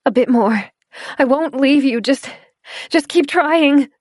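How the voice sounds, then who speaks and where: A woman's voice: high-pitched, slow, darkish tone, dry recording, studio quality, voice pushed up. A woman voicing a desperate young woman, pleading urgently and shrilly in a raised voice.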